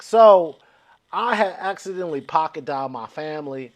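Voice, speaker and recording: A man with a high-pitched voice spins a long comic story in a casual chat. He acts out every quote with lively voices and swears freely as he goes. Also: moderate pace. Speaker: comedian guest. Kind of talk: storytelling on a comedy podcast.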